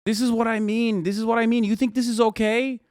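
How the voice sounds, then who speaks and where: A man reacting to a news video on a livestream, ranting angrily and swearing heavily, his voice rising into shouts. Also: very high-pitched, little pitch movement, quick pace, dry recording, studio quality. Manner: profane, angry ranting.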